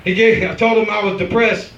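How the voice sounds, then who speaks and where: A man's voice: sits high, steady tone, fairly quick, fairly bright tone, dull audio. A man from the Midwest doing an open mic stand-up set in a bar with a brash, punchline-driven delivery. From American Midwest. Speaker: stand-up comedian. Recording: echoey bar from far off.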